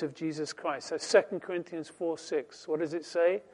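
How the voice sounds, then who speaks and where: A man preaching a sermon, quoting scripture slowly and deliberately, swinging between soft, dropped phrases and loud, emphatic rising lines. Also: a little high, steady tone. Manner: slow, deliberate delivery with scripture quotes.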